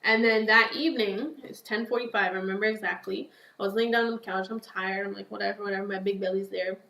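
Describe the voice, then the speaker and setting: A woman telling a personal story as a podcast guest in a chatty, animated way, acting out her own past lines. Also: medium pitch, quick pace, vocal fry, roomy sound, rough recording. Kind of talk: casual storytelling.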